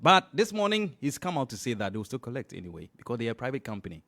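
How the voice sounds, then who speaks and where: A man's voice: mid-range voice, big pitch swings, quick pace, a bit bright. A middle-aged man with a Ghanaian accent hosting a morning radio show, running news commentary and switching between English and Twi as he talks.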